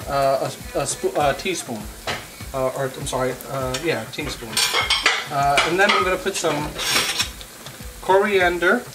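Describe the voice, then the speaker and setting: A man's voice: on the high side, background noise. A man giving a casual cooking demonstration in a kitchen, hesitant, with many filler sounds. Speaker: home cooking instructor. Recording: music playing loudly behind.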